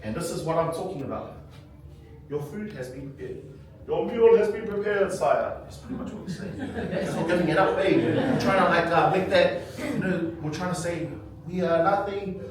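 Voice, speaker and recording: A hoarse man teaching a language workshop to a group, animated and quizzing his listeners with some humor. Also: high-pitched, moderate pace. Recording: echoey hall, from far off, crowd around.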